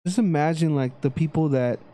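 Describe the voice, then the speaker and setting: A man co-hosting a podcast, talking in a relaxed, drawn-out way and swearing casually. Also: on the high side. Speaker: podcast co-host. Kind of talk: casual chat.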